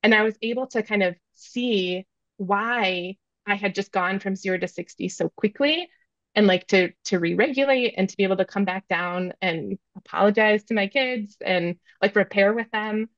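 A woman's voice: medium pitch, normal speed, fairly bright tone, dry recording, muffled recording. A woman in her thirties, a podcast guest, candidly recounting a parenting story with many fillers and self-reflection.

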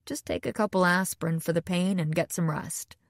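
Woman reading as kindly middle-aged male doctor, brisk, reassuring, dry close sound. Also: fairly low pitch, fairly even intonation, gravelly, dry recording.

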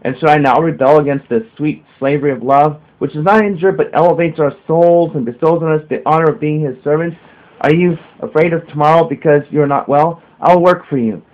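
A man reading the part of a gentle, loving male teacher in an earnest, measured way. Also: a little high, natural voice. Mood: reassuring. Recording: narrow phone-like sound.

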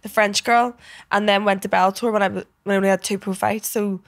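A woman's voice: mid-range voice, fairly even intonation, fast, no room sound. A woman guest on a podcast, chatting casually and candidly, swearing freely. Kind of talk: casual chat.

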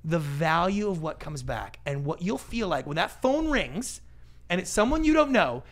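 A middle-aged man, a guest on an interview show, talking casually and acting out little quoted voices as he tells stories. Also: fairly high pitch. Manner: animated storyteller, acts out quoted voices, quick asides. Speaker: podcast guest, pitching expert.

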